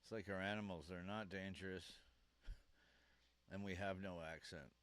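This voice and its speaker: A man's voice: sits low, fairly even intonation, a little slow, a bit bright. A man hosting a live stream at home on a dynamic microphone, chatting casually in a rambling way, chuckling often and trailing off mid-sentence. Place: home room with a computer fan.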